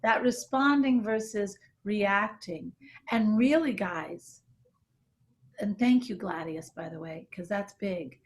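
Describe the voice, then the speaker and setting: A woman leading an online discussion group, telling a personal story in an animated, laughing way. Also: mid-range voice, slow.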